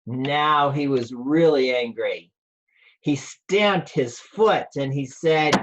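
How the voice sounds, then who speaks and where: Man reading a storybook to kids, very slow, playful questions, dull lo-fi video call sound. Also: mid-range voice, background noise. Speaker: rabbi. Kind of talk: reading a picture book aloud to children.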